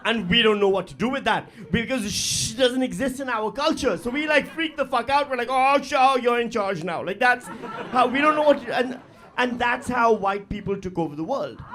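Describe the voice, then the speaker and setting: A man performing a stand-up comedy set on stage, animated, with loud bursts and mocking voices. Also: very high voice, moderate pace. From Pakistan. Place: live comedy venue with audience.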